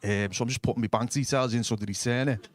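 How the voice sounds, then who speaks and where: A man's voice: mid-range voice, fairly even intonation, quick pace, pitched below the performer's own voice, close to an everyday voice. A man doing a mild, gullible old granddad. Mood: unbothered. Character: elderly grandfather, gullible and calm.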